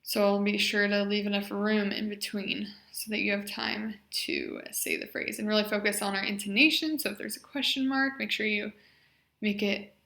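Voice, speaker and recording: Bright-voiced woman leading voice exercises. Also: medium pitch, echoey room. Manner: encouraging, models loud drawn-out vowels and phrases. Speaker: speech therapy exercise leader. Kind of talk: guided voice exercise class.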